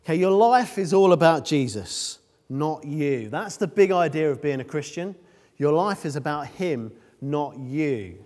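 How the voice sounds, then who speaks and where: A man's voice: a little high, a little mellow. Man preaching in an echoing hall. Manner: conversational, self-deprecating asides, frequent ums. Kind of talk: sermon. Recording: long reverb of a large hall.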